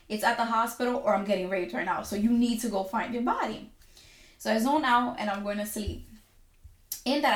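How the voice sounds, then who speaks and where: A young adult woman telling a personal story in an animated way, acting out her own inner dialogue and often laughing. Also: fairly high pitch. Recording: echoey room.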